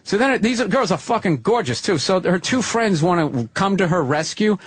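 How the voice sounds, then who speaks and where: A man telling profane, animated stories in casual chat. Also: high-pitched, moderate pace, slight background noise. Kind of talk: casual storytelling.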